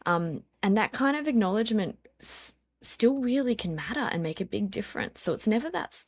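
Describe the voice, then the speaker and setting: A woman's voice: medium pitch, lively intonation, moderate pace, few pauses, no echo. A woman in her thirties, a guest on a parenting podcast, talking earnestly through personal stories with frequent ums and likes. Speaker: interview guest, parenting speaker. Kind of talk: reflective podcast conversation.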